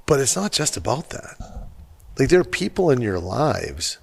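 A man's voice: mid-range voice, very animated, moderate pace, vocal fry, darkish tone, husky. A man hosting a podcast, talking in an earnest and emphatic way in casual conversation. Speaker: podcast host.

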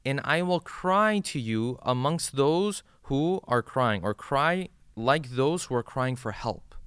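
A man's voice: mid-range voice, animated, slow, a bit bright, clean tone, no room sound, studio quality. A man teaching listeners the meaning of a supplication, explaining each line in plain words and often checking in with "right?". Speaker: religious teacher.

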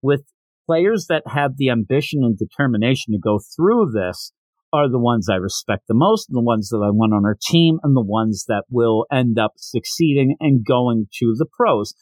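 A man's voice: mid-range voice, animated, moderate pace, a little mellow, no room sound. A man hosting a podcast, giving a casual, opinionated manga review as he recaps scenes.

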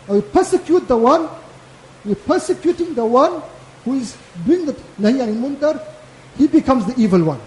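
Speaking at normal speed, this South African man has a very high voice with lively intonation and a darkish tone. He is a maulana giving a Friday sermon in a mosque, casual in manner and repeating his points for emphasis. The recording has the echo of a mosque hall.

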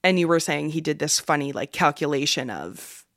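A co-host of a casual film podcast, talking loosely with plenty of fillers and quick laughs. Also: medium pitch, lively intonation, a bit bright, dry recording, studio quality.

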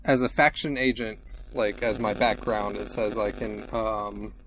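A man's voice: fairly low pitch, fairly even intonation, measured pace, noisy background. A man playing a tabletop game, talking casually and rambling with many fillers. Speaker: player.

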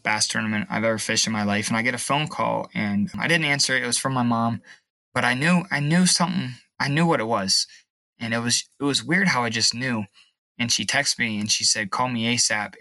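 A young man sharing a personal testimony in an interview, emotional and halting, at times tearful. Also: mid-range voice, vocal fry, bright, forceful tone, dry recording. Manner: emotional, halting, pauses and restarts. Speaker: guest.

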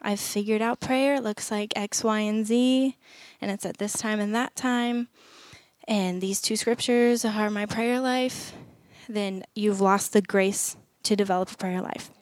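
A woman's voice: mid-range voice, fairly even intonation, a little slow, dry recording. A woman speaking earnestly to parents at a church gathering, conversational, acting out short prayers as she goes. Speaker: women's ministry speaker. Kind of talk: sermon talk to parents.

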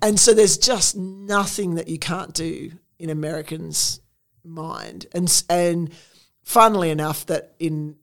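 A woman's voice: fairly low pitch, steady tone, a little slow, vocal fry, fairly bright tone. An Australian woman guest talking casually in an interview, chatty with lots of fillers and laughter.

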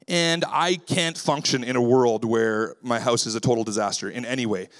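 A male pastor preaching a sermon in a relaxed, conversational way, weaving in stories about his daughters and acting out what he says to them. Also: mid-range voice, moderate pace. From Canada. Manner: lively, acts out his own voice when quoting himself.

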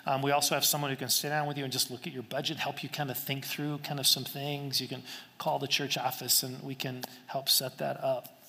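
A man's voice: medium pitch, little pitch movement, a little fast, vocal fry, bright, forceful tone. A man preaching as a pastor, earnest and conversational, often repeating phrases and restarting sentences. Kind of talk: sermon. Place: church sanctuary. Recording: long echo of a large hall.

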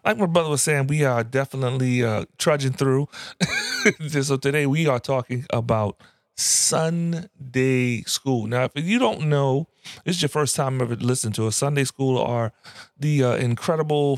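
A man's voice: medium pitch, normal speed, no room sound, studio quality. A man co-hosting a casual podcast, joking around and laughing often. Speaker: podcast co-host.

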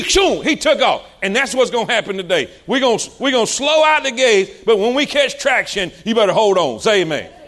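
A man preaches a sermon, his voice riding very high for a man. He teases the room with folksy asides and keeps checking that they follow along. Then he lifts into stretched-out shouted lines. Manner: call-and-response preaching, building to shouts. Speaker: pastor.

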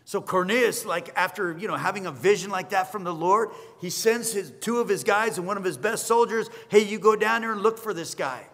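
Bright, high-voiced male pastor in reverb. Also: fairly quick, hardly any pauses. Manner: animated storytelling, acting out the characters' lines. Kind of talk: sermon. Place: church sanctuary. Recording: long hall reverb.

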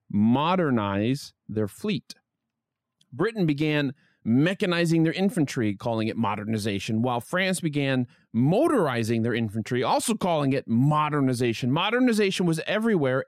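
A man's voice: on the high side, dry recording, studio quality. A man hosting a history podcast, reading a scripted narration with wry asides. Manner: lively storytelling with wry asides. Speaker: podcast host.

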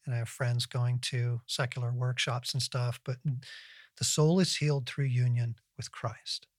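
A middle-aged man hosting a Christian podcast, talking earnestly and reflectively in casual conversational teaching, with lively bursts and frequent restarts. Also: mid-range voice, a little slow, no room sound, clean studio sound. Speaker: podcast host and Christian author.

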